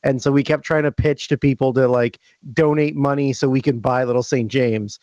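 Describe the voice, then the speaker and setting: Man, matter-of-fact, halting, dry and dull lo-fi recording. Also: mid-range voice, fairly even intonation, darkish tone, no echo. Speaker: podcast co-host. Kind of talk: casual explaining chat.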